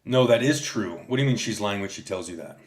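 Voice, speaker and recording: A low-voiced man rambles through a casual livestream rant, swearing constantly as he tells stories and answers his chat. His voice rings in a noticeably echoey room. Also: lively intonation, fast talker. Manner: profane, rambling storyteller.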